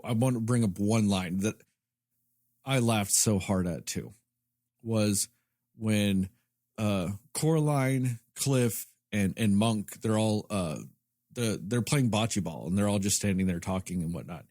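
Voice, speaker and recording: A man co-hosting a film podcast, talking in an animated way with lots of fillers. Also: on the low side, a little slow, dry recording, clean studio sound. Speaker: podcast co-host. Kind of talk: casual film review chat.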